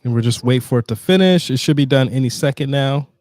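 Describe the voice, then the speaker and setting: A man hosting a casual screen-share tutorial, chatty and halting with fillers and restarts, sounding tired. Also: mid-range voice, darkish tone, dry recording. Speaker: tutorial host.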